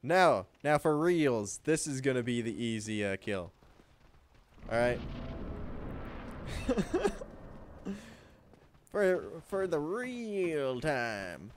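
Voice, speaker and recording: A young man streaming a game, chatting with viewers in a relaxed, joking way and breaking into loud yelps and laughs. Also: a little high, slight background noise. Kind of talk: gameplay commentary.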